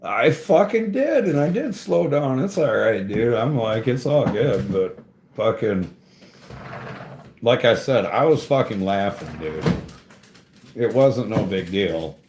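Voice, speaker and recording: A fairly low, expressive male voice moves slowly through a rambling tale about tree climbing, told casually to a live chat with lots of swearing, "bro" and "dude." There's background noise, and the room is echoey.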